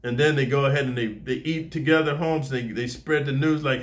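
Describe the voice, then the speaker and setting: A man's voice: medium pitch, brisk, few pauses. Profane, boastful man talking street slang. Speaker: martial arts teacher and vlogger. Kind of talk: casual monologue to camera.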